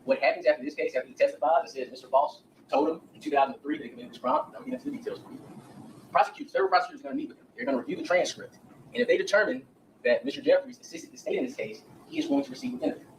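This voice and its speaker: A man's voice: on the high side, very animated, rapid-fire, vocal fry, recorded from a distance, slight background noise, poor audio. A man giving a defense opening statement to a jury in a courtroom, speaking straight to the jurors and acting out what witnesses said. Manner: addresses jurors directly, acts out witness quotes. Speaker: defense attorney.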